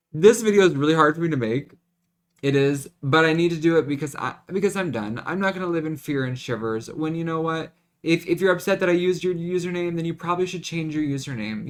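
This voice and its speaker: A young man venting in a confessional vlog, dramatic and profane, often restarting and repeating himself. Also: mid-range voice. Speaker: vlogger.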